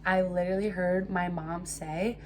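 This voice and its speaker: A young woman telling a casual storytime to her viewers, animated and swearing freely. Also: on the low side, normal speed, a little hiss or hum. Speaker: storytime vlogger.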